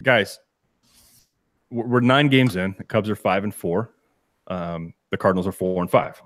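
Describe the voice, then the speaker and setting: A man's voice: sits low, unhurried, fairly bright tone, no echo. A man co-hosting a sports podcast from a home studio, chatting casually and rambling through restarts and laughing asides. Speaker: podcast co-host.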